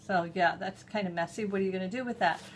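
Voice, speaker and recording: A woman's voice: medium pitch, quick pace, a little hiss or hum. A middle-aged woman hosting a hands-on how-to demonstration, explaining each step in a chatty, homey way as she works. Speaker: host.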